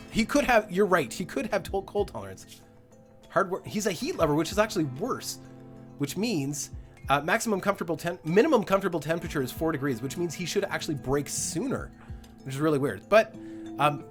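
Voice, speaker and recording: A young man giving live commentary on a colony-building game, gleeful and darkly joking, laughing often. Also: high-pitched. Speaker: gaming livestreamer.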